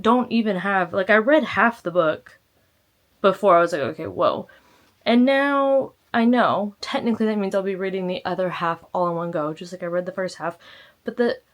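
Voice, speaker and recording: Woman book vlogger, chatty and reflective, mid-range voice. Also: medium pitch. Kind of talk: casual reading check-in.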